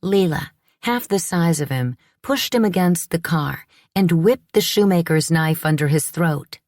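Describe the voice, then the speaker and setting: A woman reads a first-person audiobook in a measured, reflective way. Her voice sits low for a woman, and the recording is dry and close with no room sound. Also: lively intonation, darkish tone, dry recording. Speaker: audiobook narrator. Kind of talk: scripted first-person narration.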